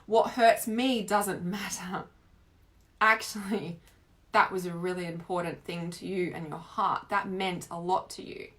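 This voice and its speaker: Bright-voiced Australian woman teaching. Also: on the low side, a little slow. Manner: expressive, chatty, full of "like" fillers. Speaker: spiritual healing teacher. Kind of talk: casual live-streamed teaching talk.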